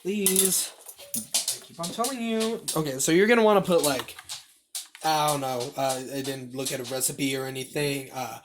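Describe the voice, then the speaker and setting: A woman's voice: low voice, normal speed, a little hiss or hum. A young woman hosting a home cooking video, rambling, joking at her own expense and swearing freely. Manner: rambling, self-mocking and profane. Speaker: home cooking show host. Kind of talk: joking casual cooking vlog. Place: home kitchen. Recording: kitchen clatter of dishes and cutlery.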